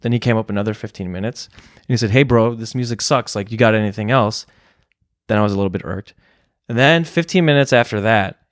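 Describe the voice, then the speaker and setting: Young male DJ guest, low register, dry studio sound, candid reflective storyteller. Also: no room sound. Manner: reflective, open, with filler words and restarts. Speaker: DJ and podcast guest.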